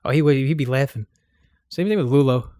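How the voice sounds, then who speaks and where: A man's voice: mid-range voice, brisk, warm tone, no room sound, studio quality. A man with a Boston accent chatting casually on a podcast, rambling and joking, often trailing off into filler words. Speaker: podcast co-host. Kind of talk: casual chat.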